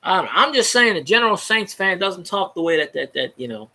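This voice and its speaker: A young man rants about sports in a high, bright voice with wide swings in pitch. He curses freely and trips over his words, restarting sentences again and again. The sound is sharp and animated throughout. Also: quick pace. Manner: animated, profane, stumbling restarts. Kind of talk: casual ranting sports chat.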